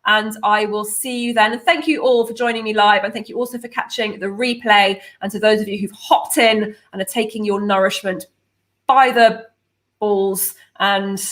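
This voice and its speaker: A woman's voice: mid-range voice, steady tone, moderate pace, a bit bright. A woman hosting a casual live stream, bubbly and chatty with lots of fillers. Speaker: host of a nutrition membership livestream.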